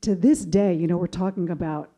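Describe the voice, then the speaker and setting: A woman from Chicago speaking as a panelist, telling a story in a measured way. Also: on the low side, mellow. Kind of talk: casual panel discussion.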